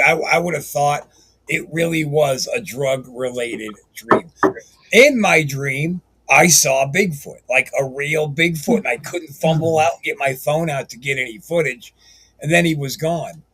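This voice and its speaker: A man's voice: on the high side, unhurried, sharp tone, breathy edge. A man hosting a podcast, chatting casually and joking around, swearing loosely. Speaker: podcast host. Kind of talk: casual chat.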